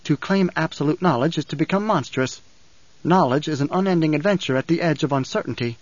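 A man voicing a calm, philosophical young man who speaks in measured riddles in an audiobook. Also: on the high side, no echo, muffled recording, close to an everyday voice.

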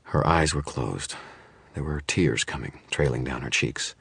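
A man reads a first-person audiobook in a measured, brooding way. His voice sits extremely low and carries a husky grain. The recording is dry, with no room sound. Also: a bit bright, no echo. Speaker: audiobook narrator.

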